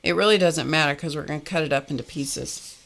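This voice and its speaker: A chatty woman talks her viewers through her craft work on a live stream, laughing as she goes. Her voice sits a little low for a woman. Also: quick pace, gravelly. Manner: chatty and animated, laughs often. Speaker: art livestream host. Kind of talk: casual live-stream chat while crafting.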